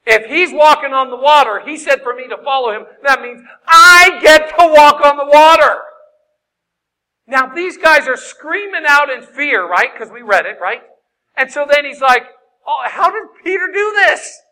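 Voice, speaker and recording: A man preaching an animated sermon, acting out scenes in shouted voices. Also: very high-pitched, normal speed, low-quality recording. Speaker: guest preacher.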